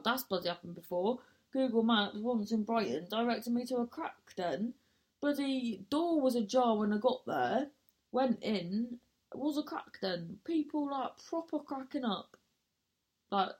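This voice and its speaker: A woman's voice: on the high side, darkish tone. A woman, a comedian and actor, telling a rambling story with self-mocking asides and casual swearing.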